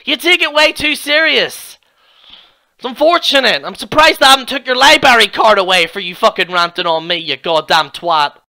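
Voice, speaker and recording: A man's voice: high voice, lively intonation, moderate pace, vocal fry, bright, forceful tone. A man giving heated, mocking reaction commentary, swearing constantly as a YouTube commentator.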